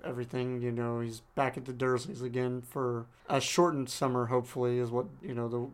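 A man's voice: medium pitch, level tone, a little fast. A man co-hosting a podcast, casually retelling a book with lots of fillers. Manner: loose retelling, many fillers. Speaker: podcast co-host.

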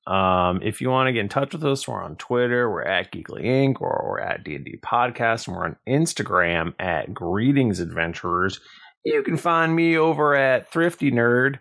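A man who runs the game on a tabletop podcast, giving upbeat quick plugs in the outro. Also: medium pitch, expressive, creaky, fairly bright tone. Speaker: game master.

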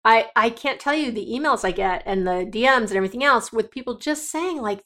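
A woman's voice: on the high side, lively intonation, a little fast, hardly any pauses, sharp tone. A middle-aged woman hosting a solo podcast, talking straight to her listeners in a direct, coaching and emotional way. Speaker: podcast host.

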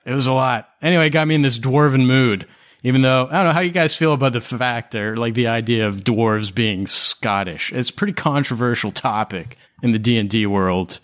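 A man's voice: medium pitch, fairly quick, a bit bright. A man hosting a tabletop game podcast as dungeon master, chatting casually and chuckling between his remarks.

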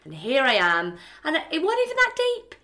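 A woman's voice: sits high, huge pitch swings, moderate pace, noisy background. A woman, co-hosting a podcast and rambling through self-mocking stories in casual chat, swearing freely. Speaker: podcast co-host.

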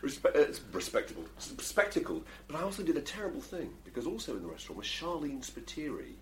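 A man hosting a radio chat show, telling anecdotes in an animated way and laughing at his own stories. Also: fairly high pitch, fast talker, slight background noise. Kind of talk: casual studio chat.

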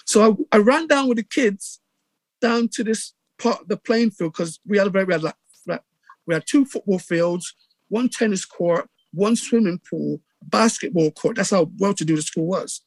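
A middle-aged man with a Bristol accent, telling stories in a casual interview with lively acted-out quotes and many restarts. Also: sits high, normal speed, no echo. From England. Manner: animated storyteller, acts out quotes, many restarts. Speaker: radio DJ guest.

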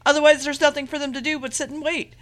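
A woman's voice: high-pitched, little pitch movement, fast. A woman podcast co-host casually recapping a TV episode, rambling and swearing freely, with offhand acted quotes.

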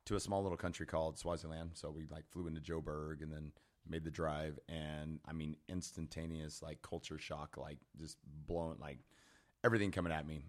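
A man on a podcast as the guest, telling a story animatedly with lots of fillers and laughter. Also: extremely low pitch. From Texas. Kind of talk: casual storytelling.

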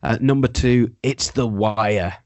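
A man's voice: mid-range voice, slow, a little mellow, dry recording. A man hosting a podcast, talking through TV shows in casual, wry, sometimes sweary banter. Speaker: podcast host. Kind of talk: casual chat.

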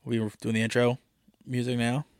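A man rambles through a crude, joking story, swearing freely as he chats. His voice sits at an ordinary pitch and is recorded dry and close, with no room sound. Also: monotone, brisk, clean tone, dry recording. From Delaware, US. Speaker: podcast co-host. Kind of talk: casual chat.

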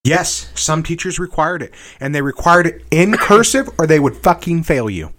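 A young man in casual argumentative banter, profane and animated, laughing often. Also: fairly high pitch, normal speed.

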